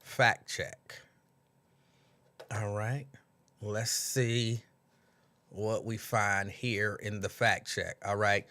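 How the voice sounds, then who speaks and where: A man's voice: lowish voice, extremely slow, long pauses. A man hosting a casual late-night livestream, chatty and repetitive, breaking into laughs and mimicking people. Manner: animated, laughing, repeats lines, mimics others. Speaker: host.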